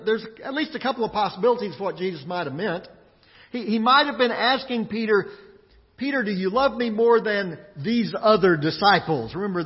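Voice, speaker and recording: A man's voice: high-pitched, big-room sound, lo-fi sound. A male pastor preaching a sermon in a conversational way, often repeating words as he goes. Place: church sanctuary.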